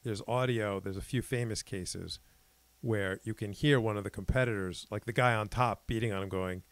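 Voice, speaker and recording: A man's voice: on the low side, fairly even intonation, normal speed, no echo. A man co-hosting a podcast, chatting casually and rambling through stories with self-corrections. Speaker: podcast co-host. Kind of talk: casual chat.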